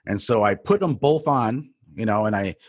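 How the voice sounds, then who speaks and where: A middle-aged man from New Jersey tells stories on a podcast in a low voice. He wanders and restarts, with plenty of fillers. The recording is dry and close. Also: lively intonation, normal speed, no echo, highs cut off. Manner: rambling, many fillers and restarts. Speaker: podcast co-host, DJ. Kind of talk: casual storytelling.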